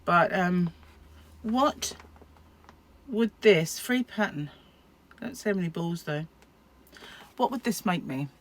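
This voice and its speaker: Middle-aged British woman, crochet vlogger; rambling, self-mocking chat in a somewhat low voice. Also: expressive, slow, long pauses. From United Kingdom. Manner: chatty and rambling, self-deprecating, laughs often. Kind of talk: casual chat to camera.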